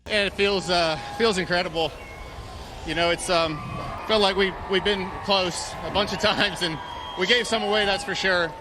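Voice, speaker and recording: A man's voice: high voice, steady tone, normal speed. A man, a winning race driver, giving a rambling post-race interview with fillers outdoors at a racetrack. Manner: rambling, with fillers and short laughs. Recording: noisy outdoor track recording. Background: vehicle and track noise.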